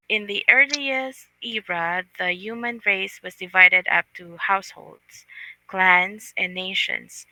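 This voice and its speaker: A woman reading aloud to an online book club, halting and careful, pausing over hard words. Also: mid-range voice, bright, forceful tone, no room sound, rough recording. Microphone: online voice call.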